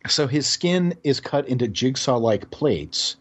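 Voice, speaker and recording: Husky-voiced man telling comic stories. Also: medium pitch, unhurried, muffled recording. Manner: animated storyteller, chuckles while describing odd comics. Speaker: guest, comics author. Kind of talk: casual podcast conversation.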